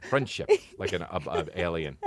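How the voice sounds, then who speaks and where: A laid-back man in his thirties talks as a podcast guest, swearing casually and trailing off mid-thought. His voice sits very low yet moves a lot in pitch. The recording is close and dry. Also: big pitch swings, moderate pace, dry recording. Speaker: comedian guest. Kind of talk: casual chat.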